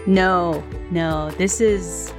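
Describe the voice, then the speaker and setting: A woman's voice: on the low side, fairly even intonation, drawn-out words, over music. Confused lady doctor, a woman playing her, keeps trailing off, improv scene. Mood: baffled. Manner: hesitant, rambling. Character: baffled hesitant doctor, a woman.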